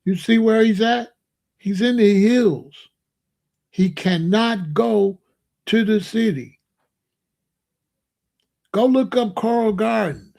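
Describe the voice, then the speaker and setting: A man with a gravelly, creaky voice sitting a touch high for a man. He hosts a livestream and lectures his chat insistently, hammering the same points again and again. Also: takes it slowly, long pauses, darkish tone. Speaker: streamer host. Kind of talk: livestream commentary answering chat.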